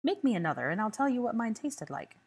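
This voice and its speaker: A woman's voice: on the high side, very animated, fast talker, husky, voice pushed up, heavily acted. A woman doing a big brash lout of a man. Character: big brash young man, greedy and loud.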